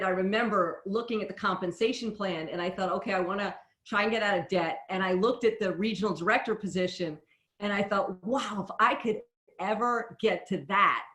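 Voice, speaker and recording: Brief: female interviewer, candid and chatty, mid pitch, roomy echo on the sound. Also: fairly bright tone. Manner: chatty, candid storyteller with frequent laughs. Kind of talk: conversational interview.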